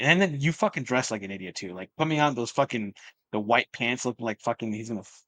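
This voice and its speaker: A man co-hosting a casual wrestling podcast, talking bluntly in a flat, monotone way with constant swearing. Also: mid-range voice, fast. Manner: blunt, profane, self-described monotone. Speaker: podcast co-host.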